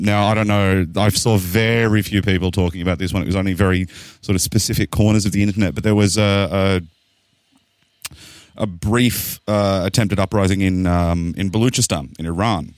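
A man's voice: deep voice, steady tone, moderate pace, no room sound. A young Australian man co-hosting a casual podcast, explaining world events in a rambling, hesitant way with frequent laughs. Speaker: podcast co-host.

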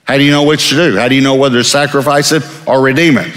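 A man from Texas preaches an emphatic, conversational sermon and often repeats words for stress. His voice sits in a middle pitch range. The sound carries the long reverb of a large church hall. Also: steady tone, rapid-fire, a bit bright. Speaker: pastor.

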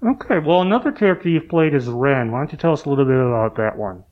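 A man interviewing a guest on a panel, asking plain, measured questions through a face mask. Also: medium pitch, animated, muffled recording. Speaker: interviewer from a fan site. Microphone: speaking through a face mask.

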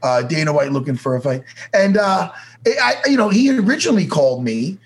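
A man's voice: a little high, brisk. A man telling stories as a guest in a casual interview, swearing freely and acting out other people's voices. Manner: animated, swears freely, acts out voices in anecdotes. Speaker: podcast guest. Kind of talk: casual storytelling.

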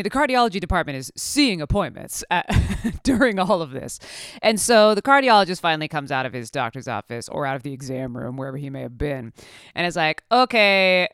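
A woman spins a casual, wry anecdote with plenty of fillers and side remarks. Her voice sits low but moves around a lot, and it sounds smooth and clear in a dry, close recording. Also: fairly bright tone, no echo. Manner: rambling asides, filler-heavy, wry. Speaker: storyteller.

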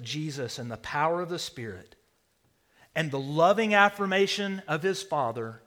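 A man preaching a sermon, swinging between loud declarations and hushed near-whispers. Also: on the high side. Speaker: pastor.

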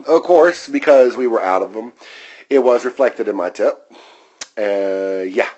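A man's voice: medium pitch, dull audio. A man working as a restaurant server, delivering a heated, profanity-laden vlog rant that drifts into side tangents. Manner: wanders off on tangents, then returns.

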